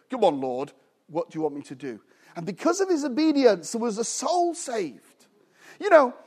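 High-voiced British man preaching. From United Kingdom. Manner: animated preaching with call-and-response and humorous asides. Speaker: visiting preacher. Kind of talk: sermon.

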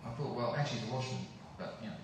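An Australian man telling a personal story in a filmed interview, earnest and halting with restarts. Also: medium pitch, slight background noise. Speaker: interview guest. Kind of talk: testimony interview. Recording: video played back in a hall, far off and echoey.

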